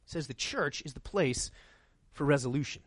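A man's voice: a little high, animated, moderate pace, husky, dry recording. A middle-aged male pastor preaching a sermon in a conversational way, often checking in with "right?".

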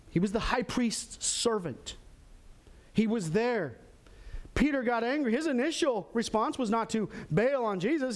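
A pastor preaching a sermon, animated, acting out quoted lines with sudden jumps in pitch. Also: male voice. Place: church in Texas.

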